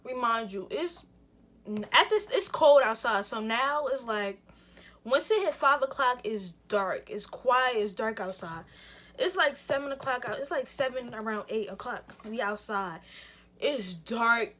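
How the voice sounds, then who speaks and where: Young female vlogger, casual storyteller with a bright, slangy, rambling delivery. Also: on the high side, animated, measured pace. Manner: rambling, slangy, lots of "like" and restarts. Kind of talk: casual storytime while getting ready.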